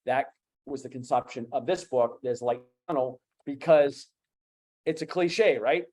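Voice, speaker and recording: A man in his fifties with a Boston accent, speaking as a guest coach on an online talk show, animated and emphatic, repeating key phrases. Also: mid-range voice, measured pace. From USA. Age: 50s.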